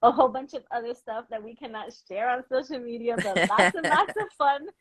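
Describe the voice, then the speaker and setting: A woman's voice: on the high side, brisk, crowd noise, rough recording. A young adult woman from New York, chatting casually and expressively, acting out little quotes. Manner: expressive, quotes people, swears. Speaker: host. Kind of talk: casual chat.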